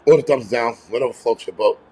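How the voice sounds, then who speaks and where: A livestream host with a husky, medium-pitched voice vents in a casual, angry rant. He's blunt, swears plenty and keeps going off on rambling asides, all from a home near a terrace.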